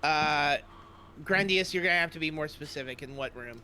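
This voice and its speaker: A man's voice: on the high side, normal speed, pushed and bright, slight background noise. A man co-hosting a casual gaming stream, sarcastic and wordy, often restarting his sentences. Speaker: co-host playing the game.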